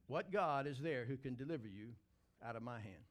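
A man voicing an arrogant, angry ancient king who threatens and mocks, pitched lower than his own voice. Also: animated, brisk, lightly acted. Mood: threatening. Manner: boastful, mocking.

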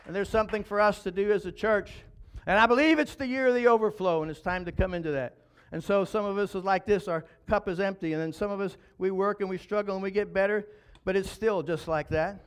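Male pastor, high voice, emphatic sermon delivery with rhetorical questions. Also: normal speed.

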